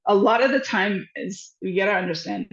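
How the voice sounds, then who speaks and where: Gravelly woman in an echoey room. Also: mid-range voice, brisk. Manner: animated, laughs often, fidgety restarts. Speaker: parenting educator. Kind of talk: casual advice talk. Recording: echoey room, dull lo-fi sound.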